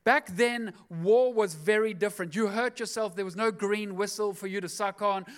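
High-voiced chatty pastor. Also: male voice, normal speed. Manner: chatty, jokey asides. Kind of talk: sermon.

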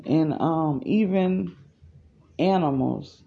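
Unhurried talker in their forties, gravelly, dark-toned, casual rambling podcast voice message. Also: medium pitch, animated. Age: 40s. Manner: slow, unhurried, thinking aloud. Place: at work. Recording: dull lo-fi voice message.

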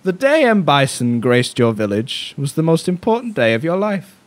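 A man's voice: a little high, sing-song, moderate pace. A man imitating a pompous villain dictator. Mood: grandiose. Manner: pompous, grand pronouncements. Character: grandiose male villain dictator, smug and theatrical. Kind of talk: movie line impression.

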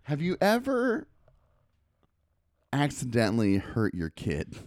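A man's voice: medium pitch, takes it slowly, no room sound, studio quality. A man in his thirties co-hosting a podcast, telling stories in casual chat and acting out the voices in them. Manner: animated storyteller, acts out voices. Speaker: podcast co-host.

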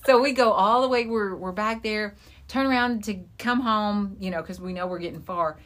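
A woman's voice: mid-range voice, normal speed. A middle-aged woman co-hosting a podcast, telling childhood stories in casual chat and acting out the quotes. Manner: animated storyteller, acts out quotes. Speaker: podcast co-host.

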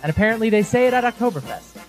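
A man co-hosting a beer podcast, chatting casually in a playful, excitable way. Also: high-pitched, racing, faint music behind. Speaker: podcast co-host. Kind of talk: casual chat.

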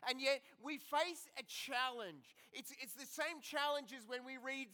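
Bright high-pitched pastor. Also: male voice, unhurried, smooth. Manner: earnest, repeats words, asks the congregation questions. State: limping after an accident. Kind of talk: sermon. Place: church hall.

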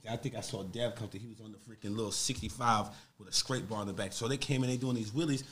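A man from Harlem with a New York accent, a podcast guest telling stories in an animated, profane way and acting out the people in them. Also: on the low side, fast, a little hiss or hum. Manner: animated, profane, acts out voices in his stories. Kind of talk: casual storytelling.

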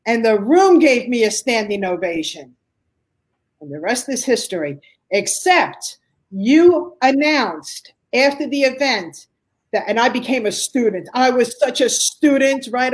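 An older woman giving an emotional personal testimony as an interview guest, acting out the lines she quotes with big jumps in pitch. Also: expressive, unhurried, rough recording. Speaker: guest telling her story.

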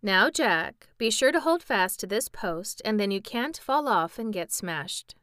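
A woman voicing an earnest young boy who gives brisk instructions in a storybook reading. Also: mid-range voice, lively intonation, fairly bright tone, smooth, no room sound, studio quality.

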